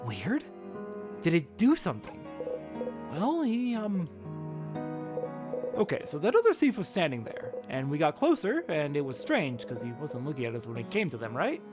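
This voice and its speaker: A woman voicing a young man who haltingly explains something unsettling, in a near-everyday voice. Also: low voice, sing-song. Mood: uneasy. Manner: hesitant, halting storytelling. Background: game music.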